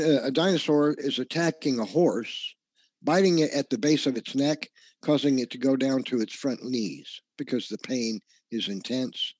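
A man's voice: medium pitch, darkish tone, dry recording. A man presenting a slideshow lecture in an earnest, insistent way, often stumbling and restarting his words.

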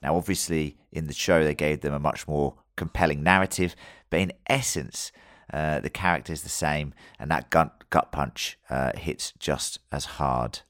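A man's voice: very deep voice, normal speed, few pauses, fairly bright tone, no echo, clean studio sound. A man hosting a podcast, telling a story loosely with plenty of fillers and the odd swear word. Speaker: podcast host. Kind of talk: casual podcast chat.

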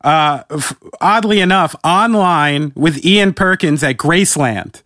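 A man's voice: a little high, unhurried, sharp tone, dry recording, studio quality. A man from New York with a New York accent, a podcast host chatting casually in a laid-back way, laughing often and swearing casually. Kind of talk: casual chat.

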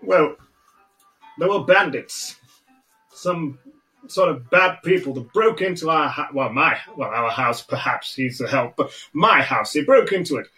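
A man's voice: a little high, animated, measured pace, sharp tone, soft background music. A man voicing a fussy, pompous male gnome who stammers and wheedles in a self-important way. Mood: flustered pleading.

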